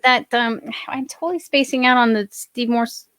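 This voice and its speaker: A woman's voice: on the high side, steady tone, normal speed, fairly bright tone, clear, resonant tone, no echo, studio quality. A woman in a band chatting casually on a live stream, teasing her bandmates and trailing off mid-thought. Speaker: band member.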